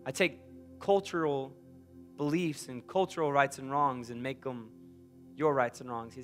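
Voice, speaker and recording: A man preaching a sermon as a pastor, emphatic and personal, swinging from loud urging to quiet confiding. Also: medium pitch, fairly even intonation, normal speed, faint music behind.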